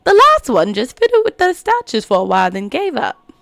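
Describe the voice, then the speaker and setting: Rich: a woman playing a smug, riddling male cat from a game, purring out teasing half-answers in a put-on accent. The voice sits high and swoops widely, full of sly lilts. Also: wildly swooping pitch, brisk, gravelly, a bit bright, no room sound, faint music behind, heavily acted.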